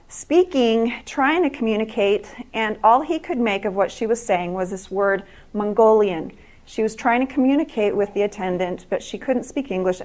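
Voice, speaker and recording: A middle-aged woman giving an earnest talk to an audience, telling true stories in a halting way with many restarts. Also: medium pitch, a little mellow.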